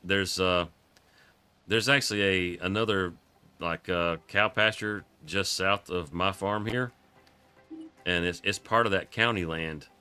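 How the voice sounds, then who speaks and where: A man's voice: sits low, unhurried, bright, forceful tone, clean tone. A man giving casual, rambling live commentary on a farming game, chuckling often, his voice froggy from coughing.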